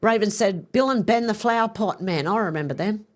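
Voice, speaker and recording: A woman's voice: mid-range voice, a little fast. A middle-aged woman hosting a livestream, chatting casually, giggling as she reads viewers' comments aloud. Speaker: livestream host.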